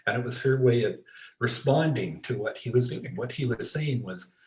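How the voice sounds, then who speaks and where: A man being interviewed as an expert, telling stories in a relaxed way and acting out the voices of the people in them. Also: medium pitch, moderate pace, echoey room, poor audio. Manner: storytelling, acts out quoted voices, many restarts. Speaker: guest expert. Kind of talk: conversational interview storytelling.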